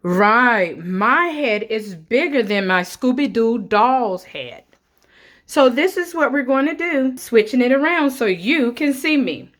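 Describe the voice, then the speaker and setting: Slow, clear-spoken woman teacher for small children. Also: a little high, animated, a bit bright. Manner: slow and deliberate, counting and clapping out names for small children.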